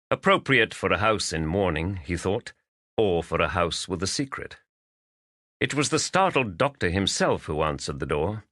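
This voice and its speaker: Man narrating an audiobook, measured expressive reading, lively intonation, dry sound. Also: sits low, dry recording.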